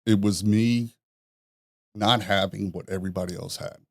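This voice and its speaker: A man, a podcast guest telling rough stories in a profane, animated way, laughing at his own jokes. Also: fairly low pitch, normal speed, no echo. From New York. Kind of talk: casual storytelling.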